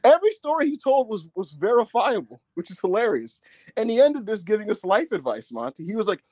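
Animated high-voiced male podcast host. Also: no echo. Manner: animated, quotes people in quick bursts. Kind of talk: excited storytelling recap.

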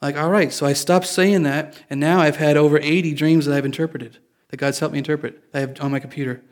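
A man's voice: fairly high pitch, fairly even intonation, fast. A man preaching a sermon in a casual, confessional way, joking with his listeners. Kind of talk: conversational sermon.

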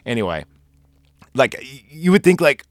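A man's voice: medium pitch, sing-song, normal speed, no room sound, clean studio sound. Rambling, crude-joking man. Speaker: podcast host recapping a film. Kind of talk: casual chat.

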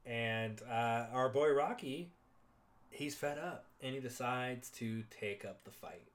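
A man's voice: mid-range voice, takes it slowly. A man casually recapping a movie with a co-host, swearing a lot and acting out the characters' lines. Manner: excitable, profane, acts out quotes. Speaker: podcast co-host.

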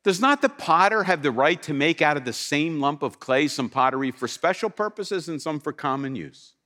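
A man preaching a sermon to a congregation, animated and emphatic, acting out the scripture he quotes. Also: fairly high pitch, normal speed. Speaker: pastor. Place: church with slides.

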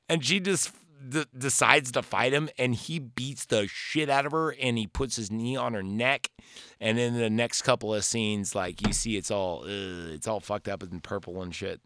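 A male podcast host giving a rambling, profane, animated casual recap of a movie. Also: mid-range voice, no echo, studio quality.

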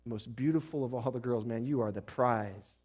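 A man preaching a sermon as pastor to a church, swinging between loud emphatic passages and soft intimate ones, often checking in with the congregation. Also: medium pitch, moderate pace, breathy edge. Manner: preaching with rising and falling intensity, asks the congregation questions.

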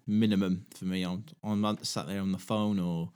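A man's voice: low voice, level tone, normal speed, a little mellow, clean tone. A man co-hosting a casual comedy podcast, rambling and swearing freely as he chats. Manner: rambling, sweary, restarts a lot. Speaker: podcast co-host.

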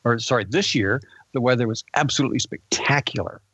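Husky man, upbeat and chatty. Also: medium pitch, brisk, fairly bright tone, no room sound. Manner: upbeat, laughing easily. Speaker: event organizer. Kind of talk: casual panel chat.

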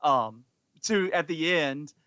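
A man's voice: a little high, lively intonation, slow pace, sharp tone, no echo, muffled recording. A man co-hosting a casual podcast chat, talking enthusiastically and rambling with frequent restarts. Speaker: podcast co-host.

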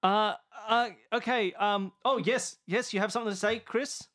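A man's voice: sits high, steady tone, normal speed, a bit bright. A man playing a tabletop game, thinking aloud and guessing, getting exasperated at the other players.

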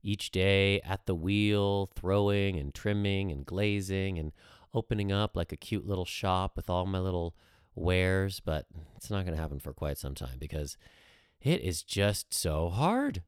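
A man co-hosting a podcast in casual chat, talking in a chatty, animated way. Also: deep voice, a little slow, smooth, dry recording, clean studio sound. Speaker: podcast co-host.

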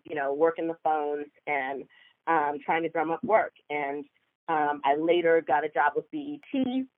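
A woman's voice: sits low, dry recording. A woman from Seattle, a TV producer, talking as a podcast guest in a chatty way with many ums and self-corrections. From Seattle, USA. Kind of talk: podcast interview. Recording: tinny phone line.

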